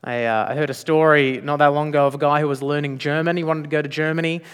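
A man's voice: fairly high pitch, fairly even intonation, fast talker, a bit bright, clear, resonant tone. Preaching man in an echoing hall. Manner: emphatic, with frequent rhetorical questions. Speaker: pastor. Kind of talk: sermon. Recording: long reverb of a large hall.

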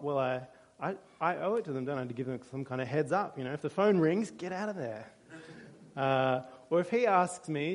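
A man's voice: a little high, animated, a little fast. A male pastor preaching a sermon in a church, conversational and with dry humor.

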